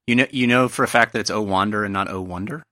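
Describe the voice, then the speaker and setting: A man's voice: on the low side, fast, sharp tone, no echo, studio quality. A man hosting a podcast from a remote call, chatting casually with laughs and fillers, his voice coming through glitchy and robotic over Skype. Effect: glitchy robotic Skype audio. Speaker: podcast host.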